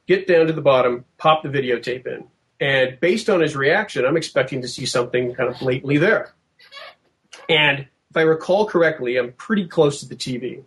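A man recounting a tense field investigation in casual storytelling, lively and quoting himself, with frequent restarts. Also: mid-range voice. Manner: animated, acts out quotes, many restarts.

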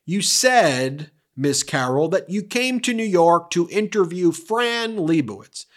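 A man's voice: high-pitched, animated, slow, fairly bright tone, pitched above the performer's own voice, full character voice. A man voicing a flustered female trial lawyer who speaks insistently.

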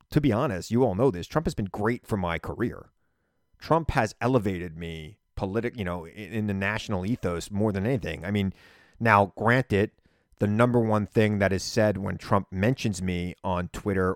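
A man hosting a political podcast, talking in an animated, emphatic solo monologue and repeating phrases for punch. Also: lowish voice, no echo, clean studio sound.

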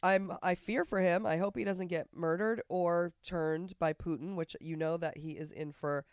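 A man co-hosting a podcast, chatting casually and profanely about politics in a rambling, animated way. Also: sits high, normal speed, smooth, no room sound, clean studio sound. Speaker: podcast co-host.

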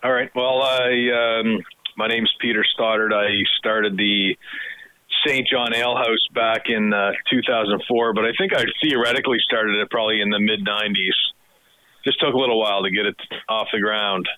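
Bright-voiced easygoing middle-aged man. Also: on the low side, steady tone, normal speed, clean tone, no room sound, low-quality recording. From Canada. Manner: easygoing, jokey. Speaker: restaurant owner guest. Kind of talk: casual interview over a call.

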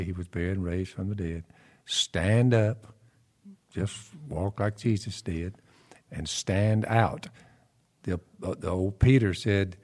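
A man's voice: deep voice, darkish tone. Folksy man preaching in punchy bits. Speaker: podcast co-host. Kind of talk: preachy casual chat.

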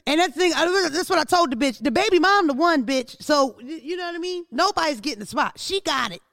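A woman's voice: high-pitched, expressive, fairly quick, fairly bright tone, dry recording, clean studio sound. A woman hosting her podcast, telling stories in a brash, profane, casual comedic monologue. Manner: brash, profane storytelling with rising outbursts. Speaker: podcast host.

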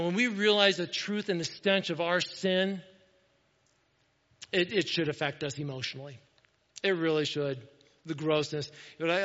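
A man preaching a sermon in a church, earnest and repetitive, moving between loud urging and quiet, hushed moments. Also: on the high side. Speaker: pastor. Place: church sanctuary. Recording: dull echoey church hall.

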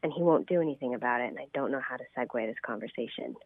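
A woman's voice: a bass voice, racing, dry recording. Woman caller on a tinny phone line. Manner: hesitant, trailing off quietly. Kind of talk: call-in radio talk.

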